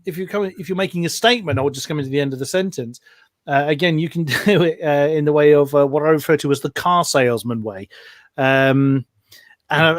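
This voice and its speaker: A man's voice: fairly high pitch, no room sound, clean studio sound. A British man, a guest commentator, explaining his craft in a thoughtful podcast chat with examples. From Britain.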